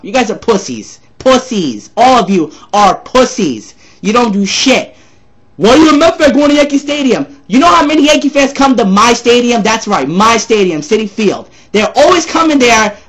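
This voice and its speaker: High-voiced guy yelling a sports rant, swoops up and down a lot, voice a bit sore from screaming. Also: big pitch swings, moderate pace, husky. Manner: loud, profane, repetitive ranting. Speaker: sports ranter. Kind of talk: angry sports rant vlog.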